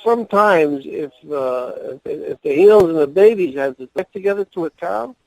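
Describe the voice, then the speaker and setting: A man's voice: fairly high pitch, animated, normal speed, vocal fry, no room sound, rough recording. An older man, a former wrestling manager, telling rambling anecdotes as a guest in a podcast interview. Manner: rambling anecdotes with laughs and restarts.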